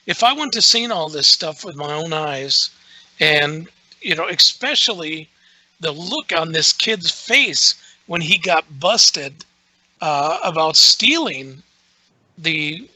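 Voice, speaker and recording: A man's voice: on the high side, animated, takes it slowly, sharp tone, no echo, low-quality recording. A man, a guest on a podcast, telling a long story casually, full of filler words and restarts. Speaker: guest, radio show host.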